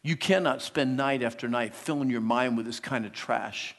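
A man preaching a sermon to teenagers, swinging between hushed, close talk and loud, animated stretches. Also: mid-range voice, moderate pace. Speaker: youth speaker. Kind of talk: sermon to teens. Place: large hall. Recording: long hall reverb.

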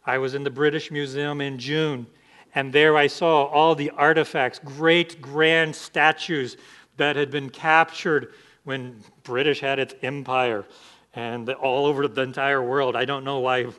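A man's voice: mid-range voice, level tone, unhurried, a bit bright. A man pastor preaching an emphatic sermon, asking the congregation rhetorical questions.

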